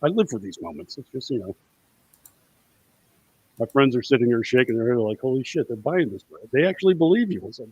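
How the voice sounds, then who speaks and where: A man co-hosting a casual podcast chat, swearing freely and acting out quotes in a loud, higher voice. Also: lively intonation, fairly quick, long pauses, husky, dry recording. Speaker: podcast co-host.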